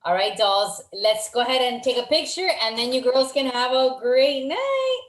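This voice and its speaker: A woman's voice: sits high, lively intonation, normal speed, reverberant, poor audio. Effusive woman coaching a team call. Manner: effusive, encouraging, repeats praise. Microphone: video call.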